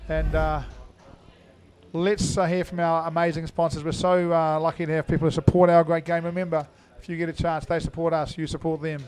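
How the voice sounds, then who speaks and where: Middle-aged guy calling indoor cricket, kinda high voice, lots of ums and you knows. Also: little pitch movement, a little fast, darkish tone, clean tone. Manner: chatty, thinks aloud with many fillers. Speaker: commentator. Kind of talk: live indoor cricket commentary.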